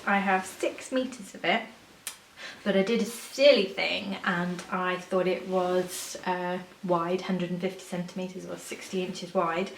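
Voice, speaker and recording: A chatty woman vlogging about sewing, full of fillers and self-corrections that break into eager gushing. Her voice sits at a middle pitch and sounds roomy, picked up by a camera mic set back from her at home. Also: recorded from a distance, slight background noise. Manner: gushing excitement when showing things. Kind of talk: casual chat to camera. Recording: echoey room, a bit off-mic.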